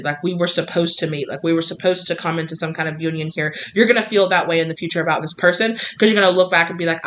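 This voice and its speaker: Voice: medium pitch, steady tone, fast, hardly any pauses, bright, forceful tone, a little hiss or hum. A tarot reader channeling a reading for viewers in a loose, rambling way, full of "like" and acted-out snippets of the people in the cards. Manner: rambling, lots of "like", acts out voices of the people in the reading.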